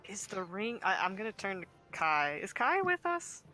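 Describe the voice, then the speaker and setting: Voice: mid-range voice, very animated, normal speed, bright, forceful tone, soft background music. A player in a tabletop game, giggling and joking casually.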